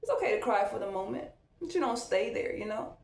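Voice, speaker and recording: This mom's voice is a little high, expressive, gravelly, and darkish, moving at a slightly fast clip. In an echoey room, she does a casual get-ready-with-me vlog, speaking candidly and reflectively with a loose conversational feel.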